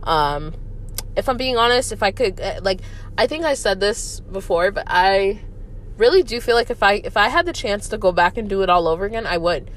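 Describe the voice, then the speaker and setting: With a mid-range voice, lively intonation, and a brisk pace, a podcast host in her twenties talks alone over slight background noise. Her reflections are open and emotional, full of filler words and casual profanity.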